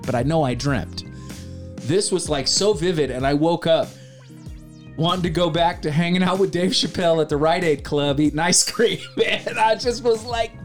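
A man telling a story in casual podcast chat, acting out quoted lines and swearing casually. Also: fairly high pitch. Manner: animated, acts out quoted voices, swears casually.

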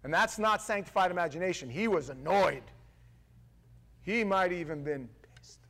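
A male pastor giving a loose, conversational sermon with a slightly high-pitched voice. He talks bluntly in street slang and trips over restarts. He drops to quiet asides, then builds to loud, emphatic stretches. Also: moderate pace, vocal fry, a little hiss or hum.

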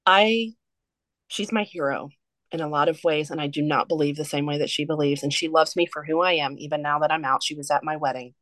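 A woman's voice: deep voice, brisk, dry recording. A woman guest on a podcast, telling a personal story in a candid, earnest way. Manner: candid, earnest, steady through a heavy story.

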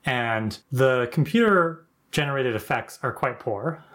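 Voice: mid-range voice, lively intonation, unhurried, fairly bright tone. A podcast co-host giving wry, offhand commentary on a TV episode in casual chat.

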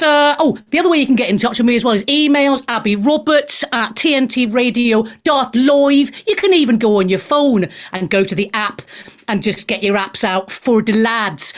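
A woman hosting a live talk radio show, chatting cheekily and laughing often. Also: on the high side. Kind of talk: casual live radio chat.

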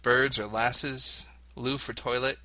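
Sharp-toned man reading aloud with giggles. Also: mid-range voice, level tone, takes it slowly, dry recording. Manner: giggly, reads text aloud. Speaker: co-host. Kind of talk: reading aloud in casual chat.

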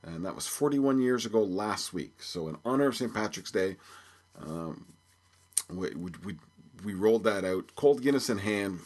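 A man's voice: lowish voice, lively intonation, moderate pace, a little mellow. A man of about fifty from Belfast, hosting a podcast in a rambling, joking way with many fillers. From Belfast, Northern Ireland. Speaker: podcast host. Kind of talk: casual solo podcast chat.

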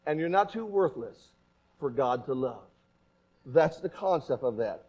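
A man preaching a sermon in a church, animated and emphatic, with repeated rhetorical questions. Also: mid-range voice, measured pace, husky, muffled recording.

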